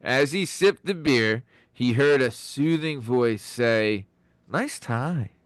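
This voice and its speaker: A man on a casual podcast spins long jokes at an even, middle pitch. He keeps breaking into laughter at his own punchlines. His voice sounds close and dry, with no room around it. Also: takes it slowly, smooth, no echo. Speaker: podcast co-host. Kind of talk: casual joke-telling chat.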